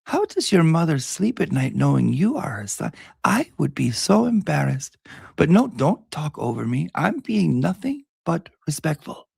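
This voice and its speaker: A man's voice: fairly high pitch, big pitch swings, normal speed, creaky, a little mellow, slightly rough, no room sound, full character voice. A man voicing a hostile woman from abroad who insults people while insisting she is being respectful, in a sneering, condescending manner. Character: nasty foreign woman, fake-polite bully. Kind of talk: storytelling impression.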